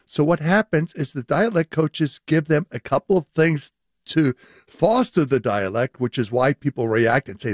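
Older professor explaining. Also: male voice, a little high, expressive, moderate pace, creaky, no echo, clean studio sound. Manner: explanatory, with fillers and restarts. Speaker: linguistics professor, guest. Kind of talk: radio interview.

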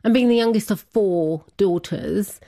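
A woman's voice: medium pitch, a little slow, dark tone. A woman guest recounting a personal family story in casual conversation, laughing often and acting out what people said. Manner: chatty, laughs often, acts out quotes. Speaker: interview guest.

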